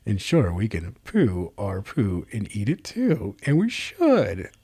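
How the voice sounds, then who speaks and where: A man's voice: lowish voice, huge pitch swings, dark tone, slightly rough, full character voice. A man voicing a smug, self-satisfied male article writer, drawing his words out in a gloating, mocking way. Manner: gloating, drawn-out mocking delivery.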